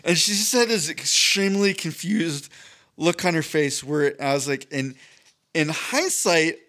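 A man's voice: fairly high pitch, animated, measured pace, bright, forceful tone. A young man tells a story on a casual podcast, candid and freely profane. He makes fun of himself as he goes along. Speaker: podcast co-host.

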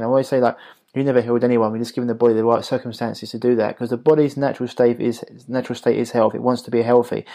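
A man's voice: medium pitch, warm tone. A man hosting a podcast as a health coach, explaining in long rambling runs with many restarts. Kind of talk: podcast conversation.

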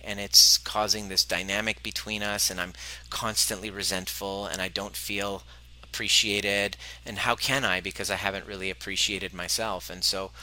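A man's voice: on the low side, sharp tone. A man hosting a podcast, earnestly telling a coaching story and acting out his client's lines. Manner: earnest, acts out client dialogue. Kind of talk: personal storytelling monologue.

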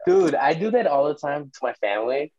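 A playful young man in casual conversation who likes to tease and laughs easily. His voice sits a little high, and the recording is slightly dull and lo-fi. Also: very animated, a loud crowd. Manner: playful, teasing, quick to laugh. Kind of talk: casual chat.

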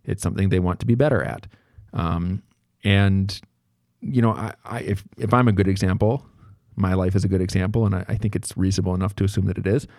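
Man, thirties, solo podcast host, low voice, rambling and candid, dry close sound. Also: fairly even intonation, brisk, creaky, a little mellow, dry recording. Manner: rambling, self-correcting and candid.

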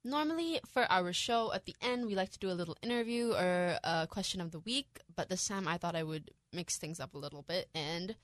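A young woman co-hosts a casual news podcast, her voice sitting a little low. She talks in a chatty, giggly way with plenty of fillers. The sound is dry and close. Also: a little fast, hardly any pauses, dry recording. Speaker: podcast co-host.

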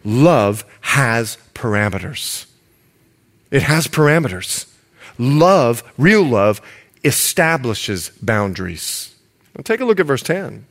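A man preaching a sermon in an animated way, talking straight to his congregation and slowing down softly for scripture. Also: medium pitch. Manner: animated, reads scripture slowly and softly, addresses the congregation directly.

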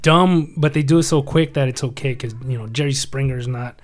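A man's voice: mid-range voice, fairly quick, crowd noise. A man co-hosting a casual podcast chat, rambling and cutting himself off mid-sentence. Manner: rambling, self-interrupting. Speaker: podcast co-host.

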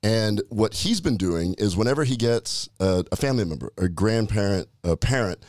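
Middle-aged male host, low voice, relaxed, asks questions, dry close mic. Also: normal speed, no room sound. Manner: easygoing, leads the talk with questions. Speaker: podcast host. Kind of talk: casual interview chat.

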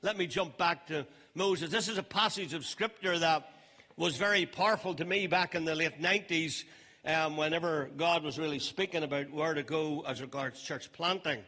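High-voiced preacher in an echoing hall. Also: male voice, sharp tone. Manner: emphatic preaching with slowed, stressed phrases. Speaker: pastor. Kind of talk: sermon. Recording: long reverb of a large hall.

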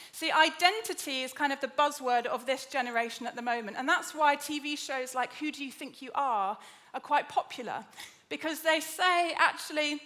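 A woman preaching a lively, chatty sermon in a church, joking with the congregation. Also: high voice. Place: church auditorium.

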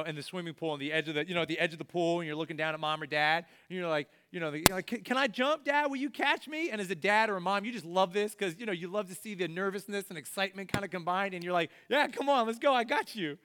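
High, smooth-voiced man preaching casually. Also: flat delivery, racing, few pauses, pushed and bright. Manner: casual storytelling, acts out voices of the people he describes. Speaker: pastor. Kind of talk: conversational sermon. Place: church service before a congregation. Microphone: body-worn microphone.

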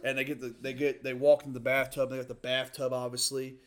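A man in a casual chat, excitedly retelling movie scenes and acting out the lines. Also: mid-range voice, quick pace. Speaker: movie reviewer.

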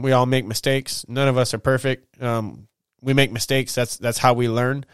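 A man's voice: mid-range voice, clean tone, no echo, studio quality. A man hosting his own podcast, talking loosely in a casual solo monologue, swearing and dropping slang like "man" and "y'all" as he tells stories. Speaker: podcast host.

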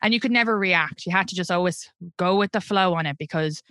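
A woman's voice: lowish voice, brisk, a bit bright, clear, resonant tone, dry recording, studio quality. An Irish woman in her thirties, a comedian guest talking candidly and laughing often in a casual interview. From Ireland. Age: 30s.

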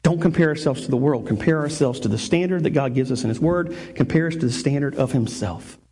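A man's voice: medium pitch, fast talker, mellow, husky. A man preaching a sermon as pastor, earnest, often restarting phrases and repeating words for emphasis.

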